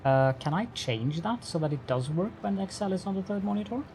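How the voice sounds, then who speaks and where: A man with a high-pitched, darkish voice gives brisk, animated live-stream commentary while playing a factory-building game, over slight background noise. He greets chat with mock-formal politeness and talks himself through each step playfully.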